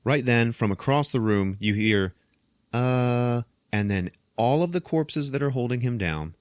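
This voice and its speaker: A man hosting a podcast, casually retelling a film's plot as an animated, profane storyteller. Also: mid-range voice, moderate pace, dry recording. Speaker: podcast host. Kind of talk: casual movie recap.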